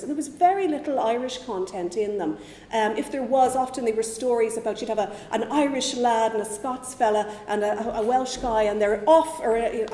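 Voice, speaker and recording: A woman's voice: on the high side, mellow, reverberant, long reverb tail, slight background noise. A woman giving a chatty, digressive public history talk in a museum. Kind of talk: public lecture.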